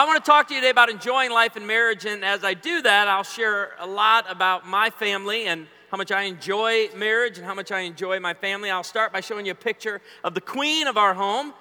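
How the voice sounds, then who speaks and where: A man in his forties preaches a humorous sermon, joking and bantering playfully with the congregation and telling stories. His voice is high and sharp, with a little hiss or hum and long hall reverb.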